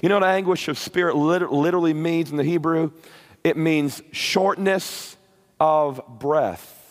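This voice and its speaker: A man preaching a sermon with passion, rising to shouted peaks and repeating words. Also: fairly high pitch, a little slow, big-room sound. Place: church or camp meeting hall.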